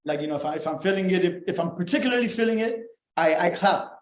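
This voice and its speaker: A young man with a fairly high voice tells a story in a loose, animated way, swearing freely and acting out what people said. He sounds like a podcast guest chatting casually. The room around him is noticeably echoey. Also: fast. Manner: animated, profane, acts out dialogue.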